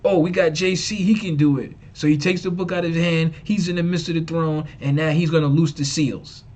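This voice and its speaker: A man's voice: fairly high pitch, steady tone, fairly quick, a little mellow. A man preaching on a live stream, emphatic and repetitive, mocking and slangy. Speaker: online preacher and teacher.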